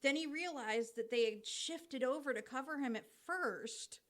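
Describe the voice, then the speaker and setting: A woman's voice: sits high, normal speed, fairly bright tone. Chatty woman explaining baseball. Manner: chatty, explains step by step with many ums. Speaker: podcast co-host explaining baseball. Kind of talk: casual explanatory chat.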